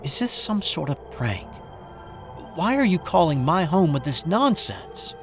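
A man voicing a frightened, indignant mother answering the phone, sharp and scolding. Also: a little high, sing-song, unhurried, soft background music, pitched above the performer's own voice. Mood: scared scolding.

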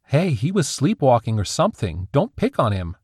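Guy voicing a bossy teen boy, snappy, pitch pushed high. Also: very animated, moderate pace, darkish tone, husky, dry recording, studio quality. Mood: scolding. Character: sharp, protective teenage boy.

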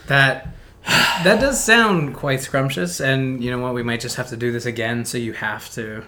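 A man's voice: medium pitch, normal speed, bright, forceful tone. A man from Canada hosting a podcast, bantering and teasing his guest in casual chat. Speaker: podcast host.

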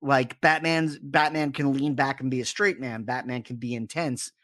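A man in casual podcast chat, an animated storyteller who acts out the lines he quotes. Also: medium pitch, moderate pace, no echo, studio quality. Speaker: podcast co-host.

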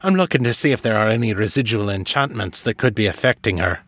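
Gruff old male wizard mentor, curmudgeonly and clipped, read by a man, dry close sound. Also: lowish voice, lively intonation, quick pace, a bit bright, no room sound.

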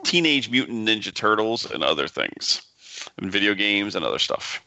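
A man's voice: fairly low pitch, very animated, moderate pace, gravelly, bright, forceful tone, no echo, poor audio. An American man co-hosting a casual podcast, dropping dry, wry remarks. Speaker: podcast co-host. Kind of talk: casual chat.

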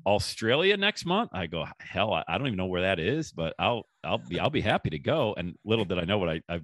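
A man hosting a podcast and telling a story in a casual, animated way, acting out the people he quotes. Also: low voice, fast talker, no room sound. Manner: animated, acts out quoted voices. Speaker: podcast host.

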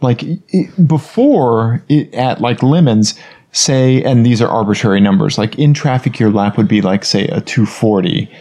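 A man's voice: mid-range voice, moderate pace, a little mellow. A man co-hosting a casual podcast from a bedroom, encouraging and coaching in tone. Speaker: podcast co-host. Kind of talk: casual chat.

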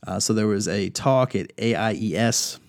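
A man's voice: lowish voice, normal speed, dry recording, studio quality. A man hosting a podcast, reading news quotes and adding casual commentary. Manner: reads quotes from articles, adds opinion. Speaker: podcast host.

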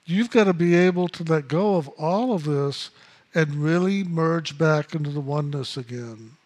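Slow, high-voiced male spiritual teacher. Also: a little mellow. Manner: repetitive, emphatic, with blunt asides.

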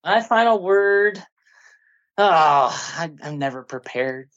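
A man's voice: high-pitched, expressive, slow pace, a bit bright, lo-fi sound. A man co-hosting a casual podcast chat, playful and joking. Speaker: podcast co-host.

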